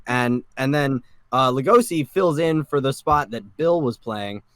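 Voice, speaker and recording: A man's voice: mid-range voice, expressive, a little slow, no echo. A man co-hosting a podcast, recapping casually in a rambling, sweary way with lots of fillers. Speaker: podcast co-host.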